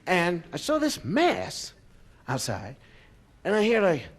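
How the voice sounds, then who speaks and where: Man, stand-up storyteller, from Philadelphia, high lively voice, chatty and animated. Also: slow pace. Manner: animated, conversational, full of "you know" and "man". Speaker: comedian.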